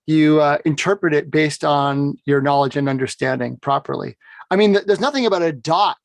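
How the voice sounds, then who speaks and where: A man's voice: fairly high pitch, fairly quick, vocal fry, dry recording. A man teaching bagpipe playing in an explanatory conversation, often checking in with "right?". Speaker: bagpipe instructor. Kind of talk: instructional conversation.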